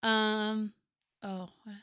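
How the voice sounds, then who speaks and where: A woman's voice: mid-range voice, extremely slow, smooth, no room sound, clean studio sound. A woman in her twenties chatting casually with viewers as a streamer, chatty with lots of fillers. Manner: chatty, lively, filler-heavy.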